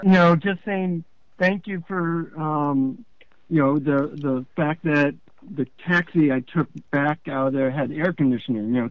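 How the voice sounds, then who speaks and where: A man answers interview questions in a relaxed, halting way, with plenty of fillers. The sound is dull and lo-fi, like a radio broadcast. The room is dry. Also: on the high side, no room sound. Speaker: author guest.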